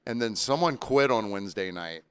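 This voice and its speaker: A man co-hosting a podcast, telling relaxed anecdotes in a casual chat. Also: fairly low pitch, brisk, clean tone, dry recording.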